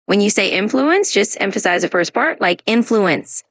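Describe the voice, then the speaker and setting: A woman's voice: mid-range voice, steady tone, brisk, a bit bright, no echo. A synthetic woman's voice acting as an AI English tutor, upbeat and encouraging as she answers questions and gives pronunciation tips. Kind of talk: scripted conversation practice.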